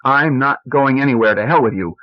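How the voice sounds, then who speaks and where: A man's voice: mid-range voice, brisk, lightly acted. A man voicing a sickly, petulant husband who whines and complains, on a muffled old cassette recording. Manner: whiny and complaining.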